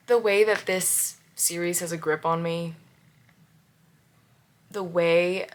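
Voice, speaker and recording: Young woman, book vlogger, gushing, repeats herself for emphasis, casual chat, slightly low voice. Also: fairly bright tone.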